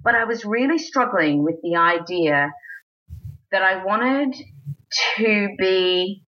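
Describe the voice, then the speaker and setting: A woman's voice: mid-range voice, slow, lo-fi sound. A woman in her forties from Australia, a burlesque singer and host, telling stories in a casual interview with lots of restarts. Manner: chatty, lively storyteller, many restarts, acts out quotes.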